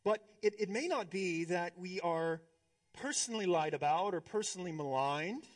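High-voiced male preacher. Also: expressive. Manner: preaching with pauses, swinging between hushed and emphatic. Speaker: pastor. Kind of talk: sermon.

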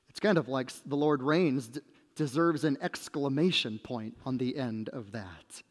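A man with a high voice preaches in a measured, emphatic way, letting his phrases sink low at their ends. His unhurried sermon rings through a church sanctuary with long reverb. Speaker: pastor.

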